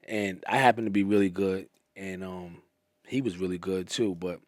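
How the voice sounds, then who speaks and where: A man on a casual podcast, agreeable and quick to back up and affirm the others. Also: low-pitched, fairly even intonation, no echo, studio quality. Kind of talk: casual chat.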